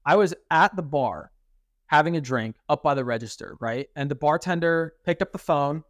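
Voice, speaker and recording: A young man chatting on a podcast, his voice sitting a little high for a man. He tells stories with animated quoted voices. The sound is close and dry, with no room around it. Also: moderate pace, no room sound. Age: young adult. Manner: animated storytelling, quotes others in acted voices. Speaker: podcast co-host. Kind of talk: casual chat.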